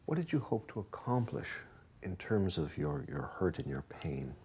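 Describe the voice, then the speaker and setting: A man's voice: low-pitched, very animated, moderate pace, dark tone, husky. A man interviewing for a documentary, asking probing questions.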